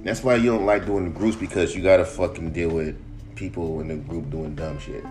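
A man's voice: deep voice, steady tone, moderate pace, music in the background. A man ranting casually on a podcast, emphatic and full of profanity. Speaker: podcast host.

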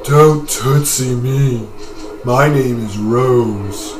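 A man's voice: mid-range voice, drawn-out words, roomy sound, noisy background. A man voicing an indignant, stern young woman warrior who speaks curtly and coldly. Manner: curt and cold.

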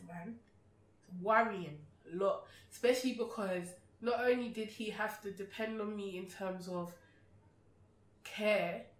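A woman, a podcast guest telling a personal story in an outspoken, animated way. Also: medium pitch. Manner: outspoken, animated, acts out remembered exchanges. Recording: roomy sound from a distant mic.

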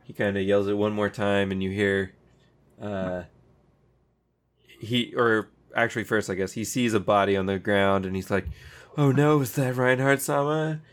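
A man's voice: lowish voice, level tone, normal speed. A man casually recapping a show for co-hosts, rambling and swearing freely with frequent laughs. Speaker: podcast co-host recapping an anime. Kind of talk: casual chat.

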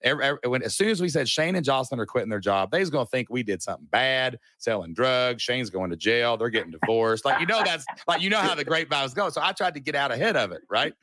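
A man in his thirties from Kentucky telling his story as a podcast guest, with lively asides and fillers. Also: medium pitch, quick pace, hardly any pauses, no echo, clean studio sound. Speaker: guest entrepreneur. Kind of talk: casual storytelling interview.

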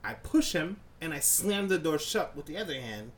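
A man casually telling a long story on a podcast, profane and animated, acting out scenes and sounds. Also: a little high, normal speed. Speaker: podcast co-host.

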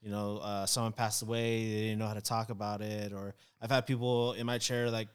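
Low-voiced man telling an emotional story. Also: level tone, a little fast, smooth. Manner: earnest, emotional storytelling with many fillers. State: tearing up. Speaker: barber guest. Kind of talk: casual podcast chat.

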